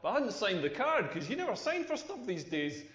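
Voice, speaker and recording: A man's voice: sits high, very animated, a little fast, a bit bright. A Scottish man in his forties doing a rambling, self-mocking stand-up routine on a stage. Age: 40s. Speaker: stand-up comedian. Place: stage in a large hall. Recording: echoey hall from a distance.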